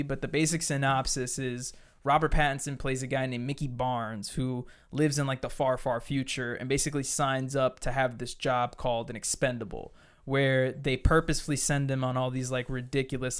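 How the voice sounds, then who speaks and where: A man's voice: medium pitch, fairly even intonation, fairly quick, clean tone. A man hosting a casual podcast chat, rambling and enthusiastic, full of fillers and swearing. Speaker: podcast host.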